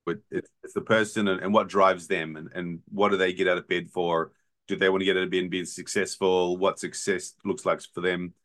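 A male host from Singapore speaks in a very low voice. He reflects thoughtfully on what his guest has said, in a calm conversational way. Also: a little fast. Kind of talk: interview conversation.

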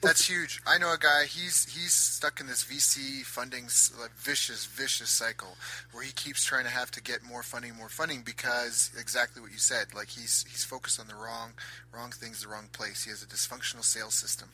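A man hosting an interview, agreeing quickly and chatting casually. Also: medium pitch, fairly even intonation, sharp tone, slight background noise, rough recording.

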